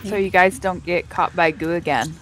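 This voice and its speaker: A woman's voice: fairly low pitch, normal speed, slight background noise, low-quality recording. A woman speaks as a player in a tabletop game, blunt and direct with the others. She asks questions and describes her character's moves casually.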